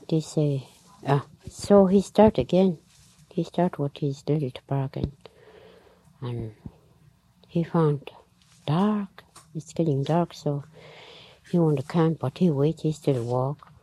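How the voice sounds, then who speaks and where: A woman telling a traditional story aloud in a halting, unhurried way, with frequent pauses, fillers and nonstandard grammar. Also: deep voice, dark tone, husky, low-quality recording.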